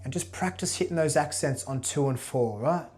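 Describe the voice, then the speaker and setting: A man's voice: a little high, moderate pace. Male guitar teacher with a slightly raised voice, easygoing and chatty, keeps tagging his points with "right?". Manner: relaxed, repeats "right?" often. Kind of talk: casual video lesson.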